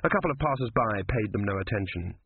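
A man narrating a story in a measured, even storytelling voice, recorded with a dry, phone-like sound. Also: lowish voice, slightly rough, no room sound. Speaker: audiobook narrator. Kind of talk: scripted narration.

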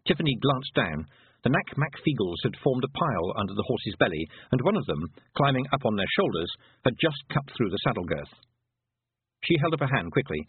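Husky guy reading a fantasy story aloud, lively tone, dry tinny audio. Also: medium pitch, fairly quick, no room sound. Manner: expressive, varied delivery. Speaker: audiobook narrator. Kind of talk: storybook narration. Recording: tinny phone-like dry recording.

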